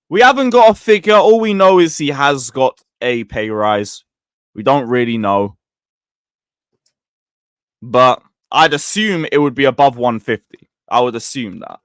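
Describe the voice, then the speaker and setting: A young man hosting a casual football livestream, mocking and swearing, swinging between loud outbursts and muttered asides. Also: mid-range voice, dry recording, studio quality. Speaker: football channel host.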